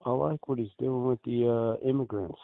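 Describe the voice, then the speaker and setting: A man's voice: mid-range voice, steady tone, moderate pace, creaky, no echo. Curt man on a tinny phone line. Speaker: caller.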